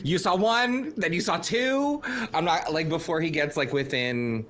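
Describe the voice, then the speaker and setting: A man playing a tabletop role-playing game, rambling and animated about his dice rolls. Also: on the high side, measured pace, slight background noise. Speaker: player. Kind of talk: casual game-table talk.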